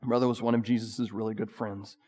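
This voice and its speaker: A man's voice: fairly low pitch, little pitch movement, fast talker, a little mellow, big-room sound. A male pastor giving a casual, conversational sermon with bursts of emphasis.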